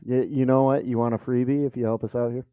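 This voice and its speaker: A man's voice: medium pitch, level tone, quick pace, clear, resonant tone, phone-quality sound. A man playing a tabletop game, joking and easygoing in character chat. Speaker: player. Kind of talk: casual tabletop role-play chat.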